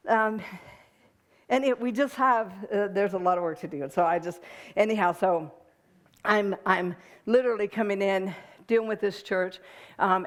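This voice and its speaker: An American woman giving a personal testimony to an audience, animated and emotional, laughing often and restarting her sentences. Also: mid-range voice. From United States. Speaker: guest speaker.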